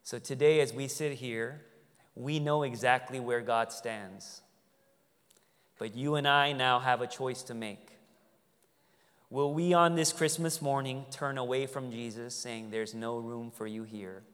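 A man preaching an earnest Christmas sermon, swinging between loud emphasis and hushed tenderness. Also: medium pitch, a little slow, clear, resonant tone. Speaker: pastor. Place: large hall with a congregation. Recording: long hall reverb.

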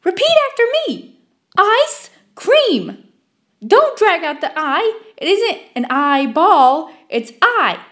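A woman voicing a shrill, haughty woman customer who scolds and lectures condescendingly. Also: very animated, takes it slowly, a bit bright, full character voice. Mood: indignant scolding.

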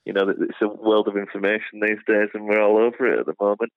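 A man's voice: lowish voice, completely flat delivery, quick pace, no echo. A British man chatting as a guest, hesitant and full of fillers and restarts, heard over a phone line. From United Kingdom. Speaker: guest, shooting channel creator. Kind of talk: casual interview chat.

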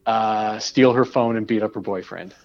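A man in a casual chat, joking and halting, with lots of fillers and restarts. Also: lowish voice, no room sound. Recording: slightly dull dry sound.

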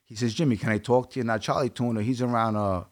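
A man's voice: medium pitch, fairly even intonation, quick pace. A man from Brooklyn with a Brooklyn accent, a guest telling his story bluntly in a casual interview and quoting dialogue. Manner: blunt, streetwise, quotes dialogue.

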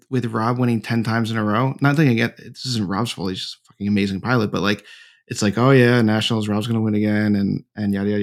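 A man co-hosting a podcast in casual chat over a remote call, rambling with lots of fillers. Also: mid-range voice. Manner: rambling, many "like" fillers and restarts, swears casually. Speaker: podcast co-host. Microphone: remote call over shaky wifi.

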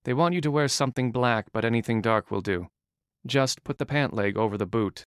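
A man's voice: medium pitch, a little fast, clean tone, dry recording, clean studio sound, natural voice. A man voicing a determined, resourceful young woman who speaks firmly and directly in an audiobook. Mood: matter-of-fact. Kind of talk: audiobook character voice.

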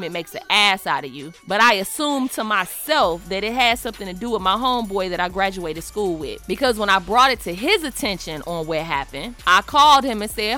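Woman, casual storyteller, bright tone, animated, slangy delivery. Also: fairly high pitch. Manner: animated and emphatic, slangy, acts out the quotes.

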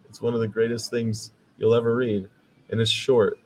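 Speaking with a flat delivery at a moderate pace, an American man with a medium-pitched voice hosts a vegan podcast. His chatty, meandering monologue grows preachy about veganism, and the rough recording carries a little hiss or hum.

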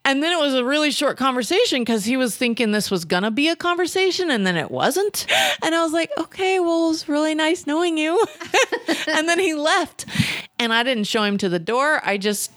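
A woman telling a personal story in a casual, animated way, acting out the voices of the people she quotes. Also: high-pitched, moderate pace, dry recording. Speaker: guest.

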